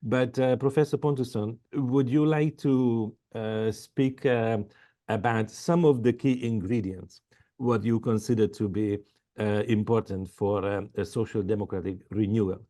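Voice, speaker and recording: Halting, mellow-voiced male podcast host. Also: lowish voice, steady tone. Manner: halting, many filler sounds. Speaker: podcast host, foundation head. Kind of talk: podcast interview introduction.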